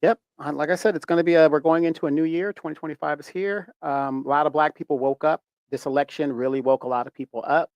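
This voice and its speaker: A man hosting a casual talk show, relaxed and hesitant, with many fillers. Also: on the high side, quick pace, hardly any pauses, no echo. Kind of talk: casual chat.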